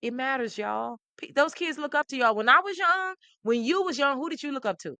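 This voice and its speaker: A middle-aged woman host, talking with animated, preachy emphasis and repeating phrases. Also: high voice, fairly quick, no room sound. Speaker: talk show host. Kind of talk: impassioned commentary to camera.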